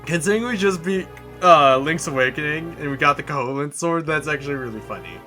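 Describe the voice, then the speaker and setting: A man's voice: a little high, fast talker. A man streaming a video game, chatting casually and laughing, with game music underneath. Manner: animated, laughing, chatty reactions. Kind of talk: casual gameplay commentary.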